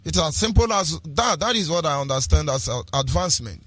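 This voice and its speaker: A man's voice: fairly high pitch, lively intonation, a little fast, fairly bright tone, no room sound, soft background music. A man with a Nigerian accent, delivering an impassioned, preachy political radio talk with repeated rhetorical phrases and lapses into pidgin. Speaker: radio broadcaster.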